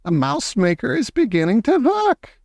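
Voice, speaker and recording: A man's voice: sits high, big pitch swings, a little mellow, clean tone, no echo, pitched above the performer's own voice, exaggerated voice. A man doing a domineering witch queen. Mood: gleeful. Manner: slow, drawn-out commanding calls. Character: imperious cruel female witch leader.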